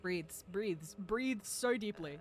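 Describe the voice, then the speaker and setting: A man's voice: high-pitched, lively intonation, slow. Young man, game streamer, giggly, playful, teases chat, light faint hiss behind. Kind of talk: casual game livestream chat.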